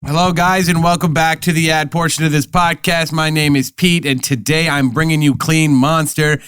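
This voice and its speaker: A man's voice: on the high side, level tone, moderate pace, fairly bright tone, clean tone, no echo, clean studio sound. A man on a podcast reading an ad in a loose, jokey way with playful asides. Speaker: podcast co-host reading ads. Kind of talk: casual podcast ad read.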